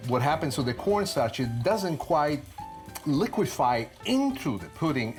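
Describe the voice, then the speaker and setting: A man in his sixties with an Italian accent, demonstrating a dessert recipe in a chatty way and explaining each step with his own asides. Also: medium pitch. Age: 60s. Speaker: cooking instructor. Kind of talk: cooking demonstration. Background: music.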